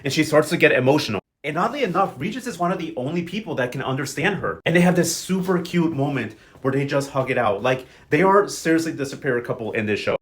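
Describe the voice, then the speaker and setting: A young man talks fast in a slightly high voice, recapping a soap opera like gossip with friends. His delivery is sassy and slang-filled, quick quips tumbling one after another. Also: lively intonation, fairly bright tone. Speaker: recap vlogger.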